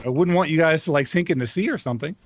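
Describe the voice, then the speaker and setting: Excitable man chatting on a game stream. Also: a little high, very fast, a little hiss or hum. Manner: excitable, laughs often, talks to chat. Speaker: live-streamer. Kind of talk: casual gaming stream chat.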